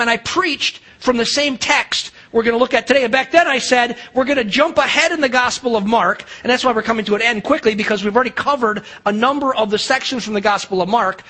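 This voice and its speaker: A man's voice: very high-pitched, bright, forceful tone. A man preaching a sermon as pastor, telling a story in a chatty way with fillers and restarts.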